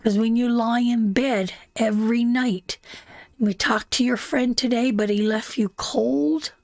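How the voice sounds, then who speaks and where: A woman's voice: fairly high pitch, steady tone, measured pace, creaky, darkish tone, no echo. A woman hosting a live tarot reading, who talks affectionately to viewers, calls them sweetheart and my darling, and repeats her points emphatically. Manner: emphatic, repeats phrases over and over.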